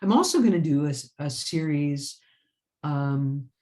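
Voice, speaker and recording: A woman's voice: low-pitched, animated, unhurried, dark tone. A woman author chatting in an interview. She tells stories with lots of energy, laughs often, and restarts her phrases as she rambles along. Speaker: author and writing teacher. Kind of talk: casual interview chat.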